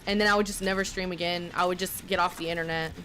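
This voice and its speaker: A woman's voice: fairly low pitch, steady tone, quick pace, bright, forceful tone. A young woman from Texas with a faint Southern US accent, chatting casually on a live stream in a rambling, self-deprecating way.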